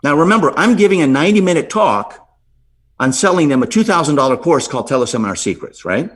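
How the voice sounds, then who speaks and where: A middle-aged man, a podcast guest, telling a story with lively swings in pitch and frequent "right?" asides. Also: fast talker, breathy edge.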